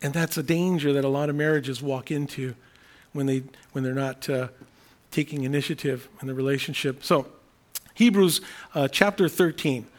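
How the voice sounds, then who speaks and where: A man preaching a sermon in an earnest, unscripted way, often restarting phrases and repeating key words slowly for emphasis. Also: medium pitch. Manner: earnest, thinking aloud with frequent restarts. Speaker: pastor.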